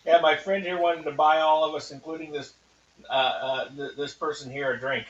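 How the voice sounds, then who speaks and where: Player, mid-pitched, chatty, echoey and dull audio. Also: male voice, fairly even intonation, moderate pace. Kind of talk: casual play. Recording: roomy, dull lo-fi line.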